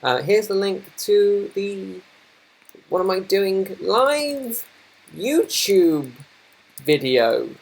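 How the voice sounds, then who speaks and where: A man's voice: sits high, very animated, drawn-out words, gravelly, pauses often. A young man live streaming at his computer, flustered and apologetic, rambling with many restarts. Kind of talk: casual live-stream chat. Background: noisy laptop fan.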